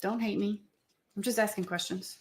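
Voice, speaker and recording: A woman's voice: medium pitch, steady tone, moderate pace. A middle-aged woman coach leading a live-streamed talk, earnestly putting probing questions to her viewers.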